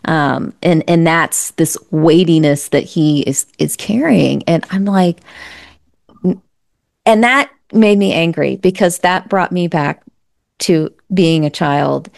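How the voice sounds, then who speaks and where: A woman with a lowish voice and plenty of gravelly fry speaks as an interview guest. She talks in a candid, reflective way and often restarts her sentences. Her tone stays earnest throughout. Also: takes it slowly, a little mellow. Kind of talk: candid conversational storytelling.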